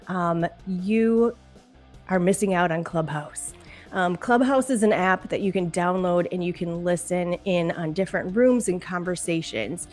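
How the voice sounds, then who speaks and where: Woman host, casual live chat, somewhat low voice, chatty and easily moved, soft music underneath. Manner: chatty and emotional, laughs often. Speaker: podcast host. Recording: faint background music.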